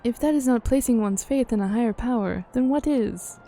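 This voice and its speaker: A woman voicing a composed young woman leader, reading game dialogue in a formal, measured way. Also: fairly high pitch, warm tone, a little hiss or hum, lightly acted. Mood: earnest.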